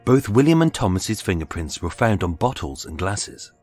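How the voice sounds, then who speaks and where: Low, husky dramatic male narrator. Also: very animated, a little mellow, dry recording. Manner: dramatic, measured storytelling. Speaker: podcast narrator. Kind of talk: scripted true-crime narration. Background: faint music.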